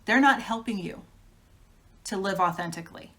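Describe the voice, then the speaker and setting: A woman's voice: medium pitch, normal speed, fairly bright tone. A woman giving a casual tarot reading, talking frankly in a chatty way and laughing often. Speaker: tarot reader.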